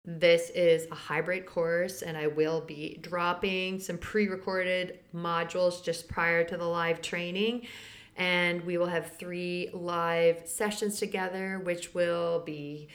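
Speaking slowly in a level tone, a woman hosting a spiritual podcast chats casually about her week and her courses. As a podcast host and Akashic Records teacher, she's chatty, laughs a lot, and lifts her pitch to quote others.

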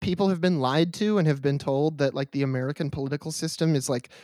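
A man's voice: fairly high pitch, quick pace, no echo. A man co-hosting a podcast, riffing in casual political banter with lots of swearing and laughter. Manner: animated, profane riffing with frequent laughter. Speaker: podcast co-host.

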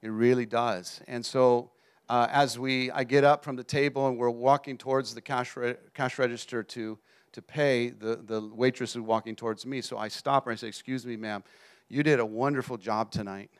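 A man preaching a sermon as an animated storyteller who keeps checking in with his listeners. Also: mid-range voice, normal speed, clear, resonant tone. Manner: animated storyteller, often asks the audience "you understand?".

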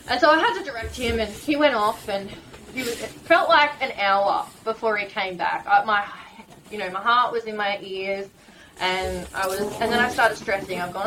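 Australian woman telling a lively story. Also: mid-range voice, normal speed, slight background noise, rough recording. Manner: animated, emotional storyteller, laughs often. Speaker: guest. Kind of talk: casual storytelling.

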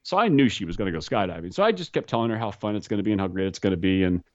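A man's voice: on the low side, animated, rapid-fire, no echo. A man, a skydiving instructor, telling stories in casual chat, rambling and repeating himself, laughing at his own tales. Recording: slightly dull, dry recording.

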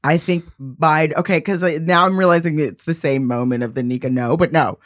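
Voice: medium pitch, steady tone, brisk, no echo. A guest on a casual podcast, rambling with many fillers and frequent laughter.

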